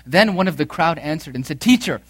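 A man preaching a sermon in a fairly high voice. He reads scripture aloud and drives his points home by repeating key phrases. His delivery is earnest and swings between loud emphasis and quiet intensity. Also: a little fast. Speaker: pastor.

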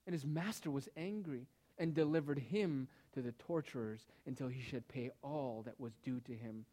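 A man preaching a sermon who speaks with emphasis, asks pointed rhetorical questions and lets his phrases trail off softly. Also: mid-range voice, normal speed, few pauses.

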